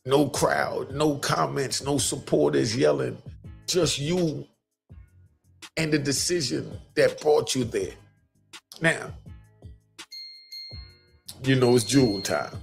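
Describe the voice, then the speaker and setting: A man's voice: mid-range voice, measured pace, creaky, faint music behind. A middle-aged man hosting a live stream, giving street-wisdom commentary in a preachy way and repeating key lines for emphasis.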